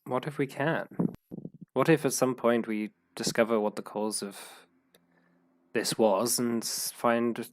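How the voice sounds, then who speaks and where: A man voicing a slight, quiet man who is solemn and weary, speaking in a measured, hesitant way. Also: medium pitch, fairly even intonation, no echo, studio quality, natural voice. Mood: grave.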